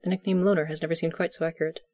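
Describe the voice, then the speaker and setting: Brief: calm audiobook narrator, mid pitch, dry close mic. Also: rapid-fire, no room sound. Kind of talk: audiobook fiction reading.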